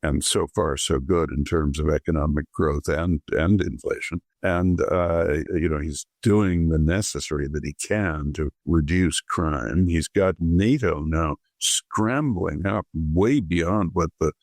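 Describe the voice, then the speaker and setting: A man speaking as a guest author in an interview, giving measured political commentary with frequent restarts. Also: rumbling low, darkish tone, no room sound, clean studio sound.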